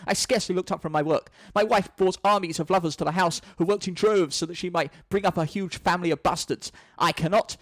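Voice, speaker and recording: A man with a high voice reads a screenplay aloud, playing a pompous, proud old male lexicographer who speaks grandly and indignantly. There's no room sound.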